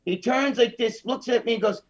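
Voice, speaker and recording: Podcast regular, male, high register, blunt and profane, slightly dull sound. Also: fairly quick, heavy background noise. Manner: blunt storyteller, swears freely. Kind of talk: casual chat.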